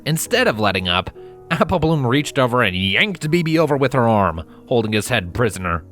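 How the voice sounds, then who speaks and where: A man narrating a fanfiction story in a calm, steady read-aloud manner. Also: mid-range voice, brisk, faint music behind. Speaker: fanfiction reader.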